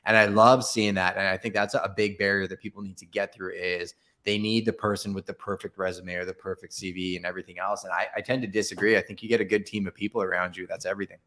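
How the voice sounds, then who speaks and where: Low-voiced podcast host. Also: male voice, little pitch movement, fast, hardly any pauses, pushed and bright. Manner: brief affirmations, reflective follow-ups. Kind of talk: conversational interview.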